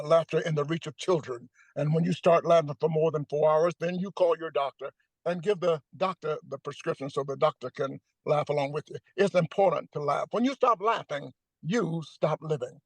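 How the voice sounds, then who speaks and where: An older man talks on a video call, joking and emphatic, with a preacher-like rhythm. His voice sits high for a man, and the sound is close and dry. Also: dry recording, low-quality recording. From Atlanta, United States. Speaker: comedian guest. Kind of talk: animated comedic chat.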